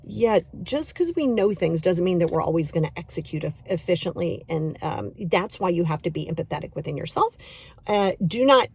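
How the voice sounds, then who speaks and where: A middle-aged woman hosting a podcast and giving a motivational self-help talk, emphatic and repetitive, coaxing the listener directly and acting out inner voices in quick asides. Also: on the low side, lively intonation, a little mellow, husky. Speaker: podcast host and self-love coach.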